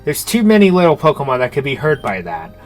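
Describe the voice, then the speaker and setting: A man's voice: mid-range voice, huge pitch swings, quick pace, soft background music. A man voicing a brash, eager environmentalist ally in a game, chummy with crude slang. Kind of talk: reading game dialogue aloud.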